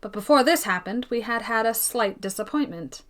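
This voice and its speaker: A woman narrating a classic novel in a calm, measured storytelling voice. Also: a little high. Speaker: audiobook reader. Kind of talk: scripted narration.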